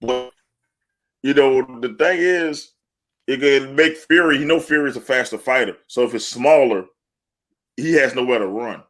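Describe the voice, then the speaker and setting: A man's voice: mid-range voice, moderate pace. A man co-hosting a sports podcast, talking casually and boastfully, telling stories with laughter and swearing. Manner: boastful, animated storytelling with laughs and profanity. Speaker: podcast co-host.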